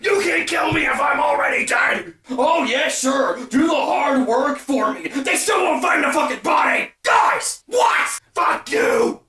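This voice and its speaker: High, bright, screaming cartoon roommates voiced by a woman, echoey room. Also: lively intonation, unhurried, few pauses, distant mic, faint music behind, heavily acted. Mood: yelling. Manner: yelling nonstop, frantic and argumentative. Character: screaming young roommates in a petty feud. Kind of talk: cartoon voice acting.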